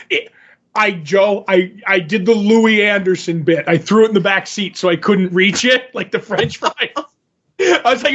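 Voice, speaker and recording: A man with a notably high voice tells a meandering story in casual podcast chat, slipping into the lines he and others said. The audio is dull and lo-fi. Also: animated, moderate pace, a bit bright. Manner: rambling anecdote teller, acts out his own quotes. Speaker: podcast co-host.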